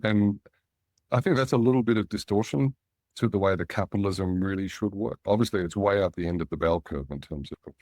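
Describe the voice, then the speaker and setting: A middle-aged Australian man, a guest in an interview, telling relaxed anecdotes and animating the voices of people he quotes. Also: on the low side, fairly quick, dry recording, studio quality. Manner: anecdotal, animated when quoting others. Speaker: guest, angel investor.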